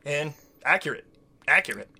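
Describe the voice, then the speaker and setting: A man's voice: on the high side, lively intonation, moderate pace, sharp tone, breathy edge. A man co-hosting a podcast, recapping a show in casual, profane, rambling chat and acting out quotes. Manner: rambling, profane, acts out quotes in silly voices. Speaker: podcast co-host.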